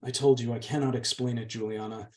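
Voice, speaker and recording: A man reading aloud, voicing a meek and gentle young woman who pleads softly with her older sister. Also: mid-range voice, fairly even intonation, fairly quick, close to an everyday voice. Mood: sad. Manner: soft, pleading. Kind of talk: audiobook reading.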